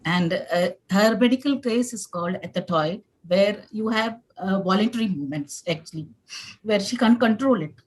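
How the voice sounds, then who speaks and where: A woman in her forties, a parent on a conference panel, talking in an earnest, halting way with some emotion. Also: mid-range voice, slightly rough, rough recording. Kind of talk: panel discussion sharing.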